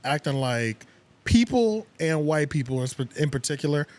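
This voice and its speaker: A man with a somewhat raised pitch, co-hosting a casual group podcast. He talks in a loose, rambling way and keeps dropping in quick agreements while the others talk. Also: big pitch swings, darkish tone. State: yawning. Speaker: podcast co-host.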